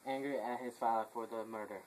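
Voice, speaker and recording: A man's voice: medium pitch, fairly even intonation, quick pace, a little mellow, slight background noise, close to an everyday voice, rough recording. A man reading a stumbling messenger. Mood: grim. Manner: stumbling over words, restarts, stifled laughs. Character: messenger reporting deaths to the royal house. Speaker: actor in an amateur play. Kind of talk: amateur dramatic reading.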